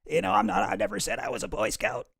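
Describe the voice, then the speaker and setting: A man's voice: sits high, big pitch swings, fast, gravelly, fairly bright tone, breathy edge, no echo, clean studio sound, voice pushed up, heavily acted. A man doing an impression of a shaky politician who always sounds on the verge of tears. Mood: tearful, defensive. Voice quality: quavering, on the verge of crying.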